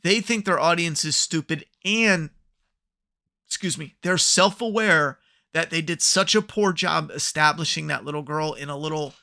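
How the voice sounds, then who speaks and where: Gravelly, ranting male podcast host. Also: on the high side, moderate pace, pushed and bright. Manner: profane, sarcastic. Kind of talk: ranting TV review.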